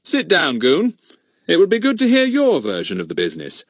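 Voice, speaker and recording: A man voicing a calm, dry-witted middle-aged police inspector who speaks in a measured, politely ironic way. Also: a little high, dry recording, voice pushed up, full character voice.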